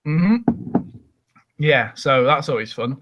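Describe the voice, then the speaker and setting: A man's voice: mid-range voice, takes it slowly, a bit bright, rough recording. A man hosting a casual online group chat, chatty and self-mocking, with plenty of ums and laughs. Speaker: podcast host.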